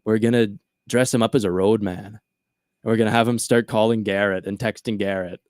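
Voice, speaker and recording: A man's voice: fairly low pitch, steady tone, brisk, a little mellow, dry recording, clean studio sound. A man co-hosting a casual chat, telling a long story and acting out his friends' lines. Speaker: podcast co-host.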